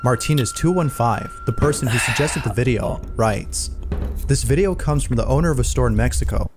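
Male narrator, mid-pitched, measured scripted read, music clearly behind. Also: animated. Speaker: narrator of a scary video compilation. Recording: narration over background music.

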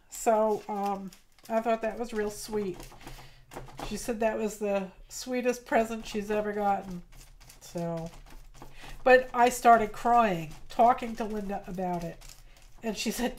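A woman hosting a casual art livestream, chatting softly and greeting viewers by name as she paints. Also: fairly high pitch.

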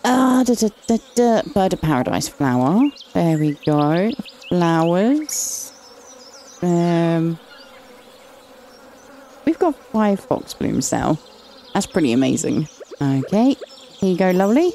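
A woman's voice: fairly low pitch, very animated, slow, pauses often, warm tone, slight background noise. An English woman giving casual, chatty commentary while playing and reading game dialogue aloud, affectionately calling characters "lovely". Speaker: gaming channel host.

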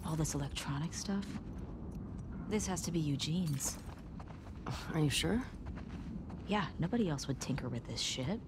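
An actress voicing a young adult woman survivor in a video game, talking quietly and warily. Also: low voice, lively intonation, unhurried, long pauses, background noise. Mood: wary.

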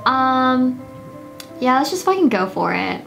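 A young woman giving casual commentary while playing a video game, excitable and swearing, gasping and squealing when her characters are in danger. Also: high voice, unhurried, creaky. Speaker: gaming streamer. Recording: game music playing behind.

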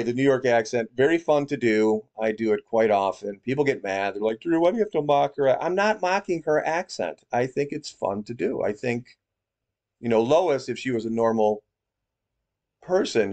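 A man's voice: mid-range voice, animated, moderate pace, a little mellow. A man hosting a commentary video, talking in a casual, sarcastic way. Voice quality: sarcastic, conversational.

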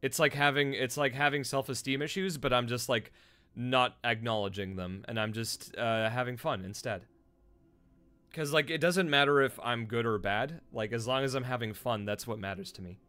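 A man's voice: mid-range voice, normal speed, pushed and bright, clear, resonant tone. A man who streams and voice-acts, chatting casually with his viewers in a rambling, self-deprecating way, full of fillers and restarts. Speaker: streamer and voice actor.

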